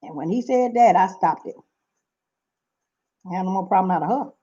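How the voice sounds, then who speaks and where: A woman's voice: medium pitch, lively intonation, moderate pace, mellow. Woman, middle-aged, from Seattle, casual storytelling vlog, emphatic, repeats herself, slightly muffled audio. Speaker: vlogger.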